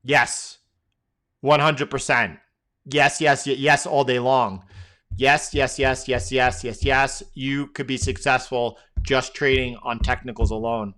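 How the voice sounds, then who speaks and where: A man hosting a live trading session, reading out viewer questions and answering them off the cuff. His voice is bright and crisp. He rambles, restarts sentences and fills the gaps with filler words. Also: mid-range voice, fairly even intonation, slow pace. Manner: loose and rambling, many fillers and repeated words. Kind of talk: casual live-stream Q&A.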